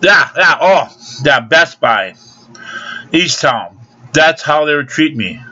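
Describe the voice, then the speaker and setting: A man's voice: a little high, animated, takes it slowly, sharp tone, soft background music. An older man delivering a rambling, profane, aggrieved rant into a home video camera. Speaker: vlogger. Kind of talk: angry ranting monologue. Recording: dull lo-fi home video sound.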